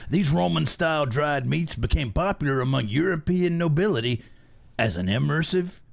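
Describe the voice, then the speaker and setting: A gravelly, drawling cowboy storyteller, as a man puts on the voice for a joke history reading. His pitch sits a little high and swings widely as he hams up each line. The delivery is folksy and mock-solemn. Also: expressive, moderate pace.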